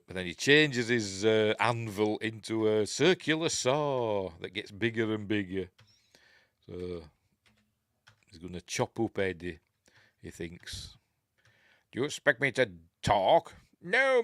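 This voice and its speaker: A man's voice: lowish voice, a bit bright, no echo, studio quality. A man with a Yorkshire accent hosting a casual film review, rambling, chuckling and often losing his place.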